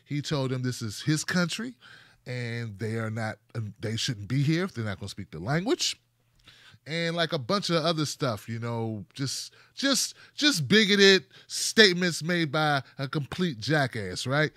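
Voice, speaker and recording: Bright-voiced sarcastic male commentary host. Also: medium pitch, unhurried, no room sound, studio quality. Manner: animated, sarcastic, mock dialogues with rhetorical questions. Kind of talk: casual commentary monologue.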